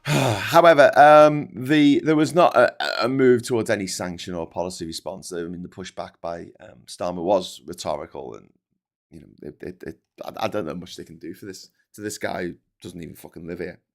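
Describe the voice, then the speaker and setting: A brief clip of a middle-aged Scouse man's casual livestream news commentary, reading super chats. His voice is low and creaky at normal speed, and he's sarcastic and profane, rambling with many false starts.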